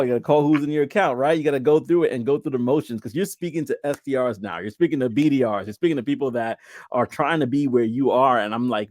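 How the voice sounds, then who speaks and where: A man's voice: mid-range voice, expressive, fast talker, no echo, clean studio sound. A man hosting an interview, asking enthusiastic, rambling questions with lots of affirming hums. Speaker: podcast host. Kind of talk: casual interview chat.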